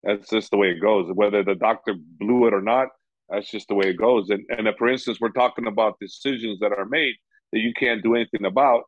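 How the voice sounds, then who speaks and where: A man's voice: on the low side, fairly even intonation, a little fast. A man who coaches fighters, speaking in a casual interview, rambling and repeating "you know" often. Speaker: MMA coach. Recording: dull lo-fi sound.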